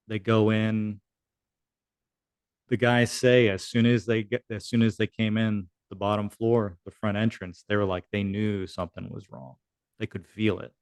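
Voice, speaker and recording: A man in his thirties, a military veteran appearing as a podcast guest, tells a war story in a casual, profane, conversational way and acts out the quoted dialogue. His voice is lowish and smooth with a darkish tone, and there's no echo.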